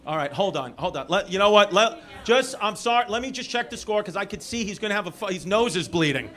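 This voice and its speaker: A man with a New York accent doing stand-up crowd work in a comedy club, teasing people in the front row with loose, quick jabs. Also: high-pitched, expressive. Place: comedy club stage with a live audience. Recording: loud laughing crowd in a club.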